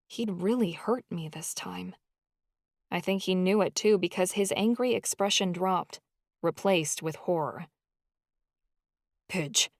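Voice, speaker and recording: Expressive woman audiobook narrator. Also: fairly low pitch, a little slow, no room sound, studio quality. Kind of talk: first-person scripted narration.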